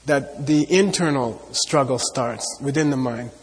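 A man's voice: medium pitch, a little slow. Earnest man teaching in a reverberant hall. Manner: earnest, repeats points, many "you know" fillers. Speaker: Buddhist teacher. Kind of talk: dharma talk to an audience.

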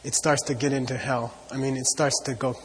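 A man's voice: mid-range voice, little pitch movement, brisk, a little hiss or hum. Earnest man teaching in a reverberant hall. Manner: earnest, repeats points, many "you know" fillers. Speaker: Buddhist teacher. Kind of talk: dharma talk to an audience.

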